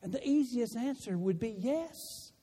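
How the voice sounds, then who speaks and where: A man preaching a sermon in a church, animated and rising to shouts. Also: very high voice, a little slow, breathy edge. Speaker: pastor. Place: church sanctuary. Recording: long reverb of a large room.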